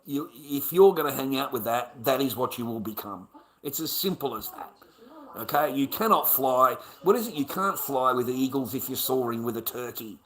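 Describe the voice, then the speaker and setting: A man's voice: mid-range voice, animated, normal speed, a bit bright. A middle-aged man with an Australian accent, ranting bluntly and profanely on his livestream, often restarting his sentences. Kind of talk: casual livestream rant.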